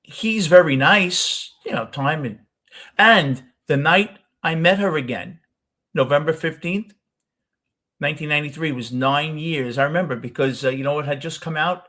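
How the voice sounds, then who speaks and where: A man's voice: fairly high pitch, normal speed, bright, forceful tone. An older man with a New York accent, telling a rambling personal story as the host of a casual talk show. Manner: rambling, self-correcting storyteller.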